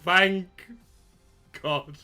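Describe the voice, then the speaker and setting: A man, hosting a card-opening video with jokey, excitable commentary and bursts of shouting. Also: high voice, drawn-out words, smooth, faint music behind. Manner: excitable, jokey trash talk with sudden shouts. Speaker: trading card channel host. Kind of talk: casual pack-opening commentary.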